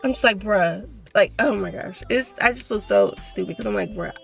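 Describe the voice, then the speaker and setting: Young woman, sore throat, animated storytime, faint music behind. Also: medium pitch, creaky. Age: 20s. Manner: animated, reads messages aloud, talks fast. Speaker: vlogger. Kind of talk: casual storytime.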